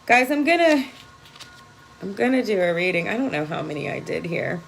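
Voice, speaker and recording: A woman's voice: medium pitch, very animated, normal speed, vocal fry, a little hiss or hum, rough recording. A woman energy worker giving an emphatic, profane spiritual pep talk on a phone live video.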